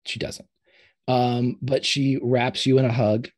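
Husky-voiced man running a tabletop game. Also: mid-range voice, measured pace. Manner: descriptive, relaxed, with fillers. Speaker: game master.

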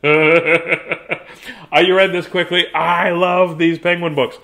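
A man's voice: on the high side, level tone, takes it slowly, creaky, pushed and bright. A man hosting a live book-reading show for children, chatting casually and playfully with viewers and breaking into silly sing-song chants and mock announcer calls. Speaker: host reading children's books on a livestream.

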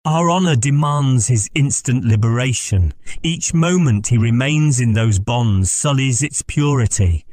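A man reading an audiobook, voicing an earnest young gentleman who defies his mother. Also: medium pitch, animated, measured pace, no echo, pitched above the performer's own voice. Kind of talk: audiobook character voice.

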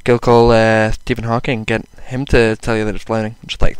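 A young man casually commenting on his own gameplay, mocking himself, swearing a lot and breaking into sudden loud outbursts. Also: fairly low pitch, flat delivery, fast, clear, resonant tone, no echo. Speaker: gaming channel host.

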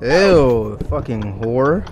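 A man's voice: mid-range voice, animated, drawn-out words, a crowd in the background. A young man hosting a casual reaction to a dating video, blunt and crude, riffing in slang.

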